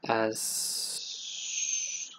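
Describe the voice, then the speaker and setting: A man with a Southeast English accent hosting a casual live stream, reading viewer comments aloud and answering them in a relaxed, rambling way. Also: extremely slow, low-quality recording. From England.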